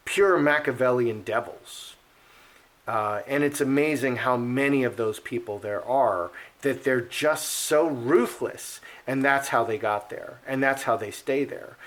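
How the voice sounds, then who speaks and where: A man giving casual card-reading commentary, rambling with frequent fillers and restarts. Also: mid-range voice. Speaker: card reader.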